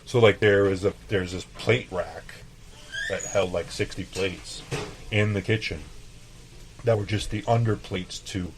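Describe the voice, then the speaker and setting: A man's voice: low-pitched, steady tone, unhurried, background noise. A man from El Paso, a chef and podcast guest, telling casual, profane stories and acting out past conversations. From El Paso, Texas. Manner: profane, laid-back, acts out dialogue. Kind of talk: casual interview storytelling.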